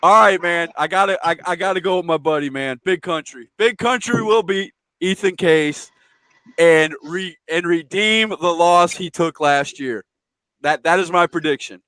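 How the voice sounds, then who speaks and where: A man with a high, bright-pitched voice hosts a casual chat, excitable and quick to repeat himself. He stumbles over words as he builds to a point. The sound is dry with no room echo.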